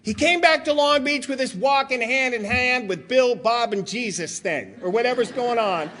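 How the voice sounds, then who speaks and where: A man's voice: very high-pitched, moderate pace, a bit bright. A middle-aged man from Southern California giving a loose, joking, rambling talk as a guest speaker. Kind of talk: comic storytelling talk.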